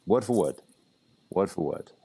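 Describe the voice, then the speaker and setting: A man's voice: deep voice, expressive, normal speed, dark tone, husky. A man from England with a London accent, a fighter and coach chatting casually in an interview, rambling and peppering his talk with "you know" and "bro". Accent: London English. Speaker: bare knuckle fighter and coach.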